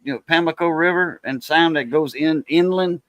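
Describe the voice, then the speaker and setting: A man chatting easily as a guest, telling loose stories in a relaxed, drawn-out way. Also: fairly high pitch, no echo. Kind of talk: casual chat.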